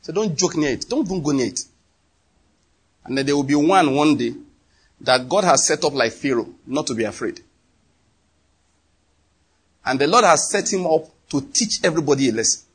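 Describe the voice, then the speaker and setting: Man, Nigerian accent, sermon, husky voice, slightly high. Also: normal speed, long pauses. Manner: animated, emphatic, slips into acted quotes. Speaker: preacher.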